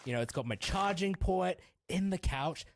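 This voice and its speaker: A man's voice: high voice, lively intonation, normal speed, background noise. A man co-hosting a podcast, reading a sponsor spot casually and enthusiastically, with some swearing. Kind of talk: casual ad read in chat.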